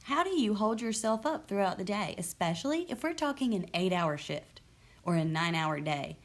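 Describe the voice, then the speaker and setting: A woman's voice: medium pitch, sing-song, moderate pace. A young adult woman hosting her own vlog, talking candidly and with sarcasm, with frequent restarts. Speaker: vlog host. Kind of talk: casual talk to camera. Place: lives in the US South.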